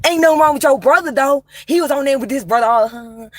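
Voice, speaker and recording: Her voice is high-pitched and brisk, recorded dry, as this young woman talks to her livestream viewers. It's casual, rambling chat, full of emphasis, slang and cursing, and she confides in them directly.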